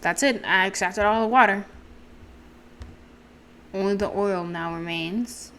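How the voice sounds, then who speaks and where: A woman's voice: medium pitch, unhurried, a bit bright, slight background noise. A woman streaming a game, reading its text aloud and chatting with self-deprecating asides. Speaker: gameplay streamer. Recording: game music playing behind.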